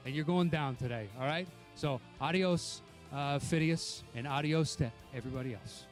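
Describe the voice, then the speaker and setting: Guy trash talking his opponent, mocking tone, bit higher voice. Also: normal speed, faint music behind. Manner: mocking, taunting. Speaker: competitor. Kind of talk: trash-talk promo.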